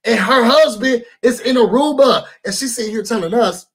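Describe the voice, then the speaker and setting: A man with a high, husky voice gives a casual recap of a reality show. He is sassy and animated and talks straight to his viewers as y'all. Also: moderate pace, hardly any pauses. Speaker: YouTube host reviewing a reality show.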